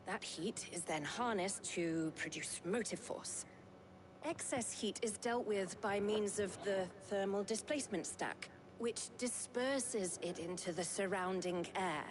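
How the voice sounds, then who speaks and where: A woman's voice: medium pitch, measured pace, noisy background, close to an everyday voice. An actress voicing an earnest young female engineer in a video game who explains technical detail at length. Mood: eager explaining. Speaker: game character.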